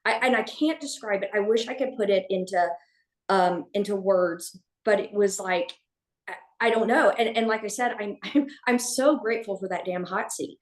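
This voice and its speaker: A woman telling a personal story as a podcast guest, speaking candidly, with many restarts and fillers. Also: mid-range voice. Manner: halting, with frequent restarts and fillers. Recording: echoey room.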